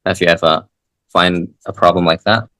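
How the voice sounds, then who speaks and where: A man tutoring English in a casual lesson, talking haltingly with frequent restarts and fillers. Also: low-pitched, fairly even intonation, bright, forceful tone, no room sound, rough recording.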